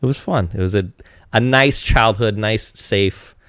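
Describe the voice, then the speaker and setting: A man in his thirties from Eastern Washington tells stories in a rambling, animated way, restarting his sentences often. His voice sits fairly low and sounds smooth and clear. The recording is dry and close. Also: a little slow, dry recording. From Eastern Washington, USA. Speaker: podcast guest. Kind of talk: casual chat.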